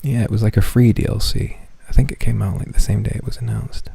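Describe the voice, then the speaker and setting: A man chatting on his stream, keeping to a hushed half-whisper. His low voice is gravelly and husky, and his talk is rambling, profane and self-deprecating. He sounds dry and close-up. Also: level tone, fast talker, dry recording. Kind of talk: casual chat stream.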